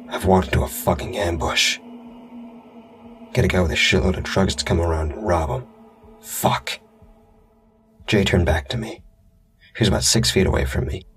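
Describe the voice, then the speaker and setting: A man's voice: low voice, moderate pace, long pauses. A man narrating a true scary story in the first person, blunt, profane and wry. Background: music.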